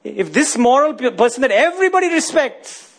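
Husky high-voiced preacher man. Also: big pitch swings, a little fast. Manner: rhetorical questions to the congregation, tag questions like "isn't it?". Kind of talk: sermon.

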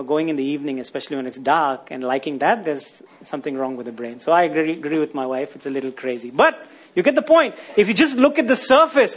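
A man preaching a sermon, often asking his listeners rhetorical questions and tagging lines with "isn't it?". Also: on the high side.

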